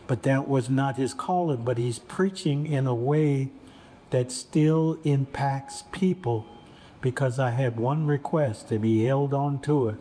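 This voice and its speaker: A man in his seventies, a bishop on a panel, telling a story in an unhurried, reflective way. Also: medium pitch, mellow, slight background noise. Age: 70s. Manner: unhurried, reflective, acts out quoted voices.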